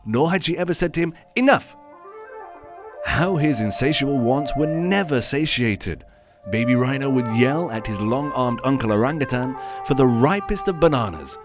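A man performing a short story aloud, with theatrical, old-fashioned inverted phrasing. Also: medium pitch. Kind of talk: scripted story narration.

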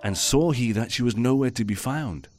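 A man's voice: medium pitch, moderate pace, faint music behind. A man performing a short story aloud, with theatrical, old-fashioned inverted phrasing. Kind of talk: scripted story narration.

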